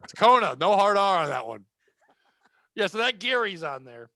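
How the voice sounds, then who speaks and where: Podcast co-host, male, high bright voice, crude jokey banter. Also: very animated, normal speed, slight background noise. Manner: jokey, crude, laughs often. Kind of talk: casual comedic chat.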